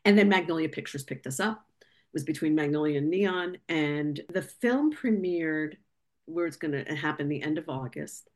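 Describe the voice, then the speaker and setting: A woman filmmaker telling a lively story on a video call, talkative and animated, acting out the voices of people she quotes. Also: low voice, normal speed. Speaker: documentary filmmaker, guest.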